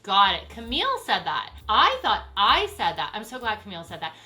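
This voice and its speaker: A middle-aged woman chatting casually as she reacts to old clips, sassy and quick to laugh. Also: mid-range voice, wildly swooping pitch, music in the background. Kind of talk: casual chat.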